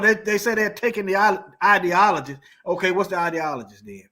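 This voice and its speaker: A man's voice: high voice, brisk, pushed and bright. A man commenting on news articles in a heated, preaching way, firing off rhetorical questions and repeating lines for emphasis.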